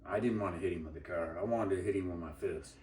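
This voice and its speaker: A man's voice: low voice, quick pace, darkish tone, distant mic, a little hiss or hum. A man co-hosting a casual chat, telling a heated story full of profanity and acting out the people in it. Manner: heated, swearing, mimics people in his story. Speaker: podcast co-host. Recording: roomy, off-mic sound.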